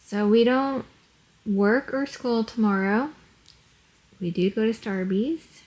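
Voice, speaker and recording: A woman's voice: on the high side, slow pace, a little mellow. A woman vlogging at home on a handheld camera, chatty, prompting her daughter with questions. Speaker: family vlogger, single mom. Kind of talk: casual chat.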